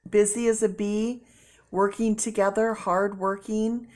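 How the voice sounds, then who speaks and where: A woman's voice: mid-range voice, little pitch movement, measured pace, darkish tone. A middle-aged woman reading tarot cards to camera in a casual, emotional way, exclaiming and thinking aloud, tearful. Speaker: tarot reader.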